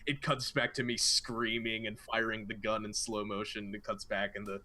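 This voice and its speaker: A man's voice: fairly low pitch, little pitch movement, normal speed, bright, forceful tone. A man playing in a tabletop game, describing his character's action scenes in a rambling, casual way full of fillers. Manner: rambling, lots of "like" and "um". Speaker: player.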